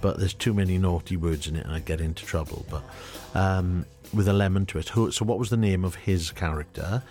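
Middle-aged male radio DJ, very deep voice, chatty and jokey, faint music bed. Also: fast, mellow. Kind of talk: casual radio chat and quiz. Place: radio studio.

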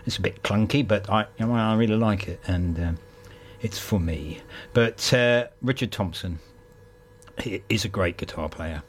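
Deep-voiced rambling man hosting a music show. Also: normal speed, a little hiss or hum. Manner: rambling, thinking aloud with many fillers. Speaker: radio music show host. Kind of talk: casual back-announcing between tracks.

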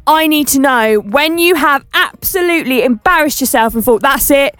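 A young woman hosting a radio show, telling a story in a chatty, animated way. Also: high voice, normal speed, soft background music. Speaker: radio host.

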